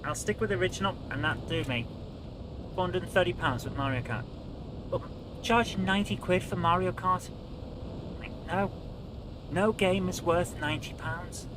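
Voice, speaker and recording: A British man hosting a live game stream, talking in a slightly high voice. He chats and grumbles in a casual way while he adjusts his audio settings. A steady, clearly audible noise sits behind his voice. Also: moderate pace, long pauses.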